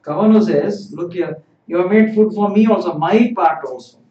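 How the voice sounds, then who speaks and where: A man teaching a Japanese lesson, repeating each phrase and translating it in a deliberate, explanatory way. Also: sits high. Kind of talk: live-streamed language lesson. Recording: echoey, distant, dull live-stream audio.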